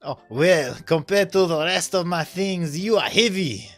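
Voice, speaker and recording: A man's voice: high-pitched, lively intonation, measured pace, soft background music, voice pushed up. A man reading aloud as an exasperated young man, the master of two cat girls, in a video game. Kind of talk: reading visual novel dialogue and narration.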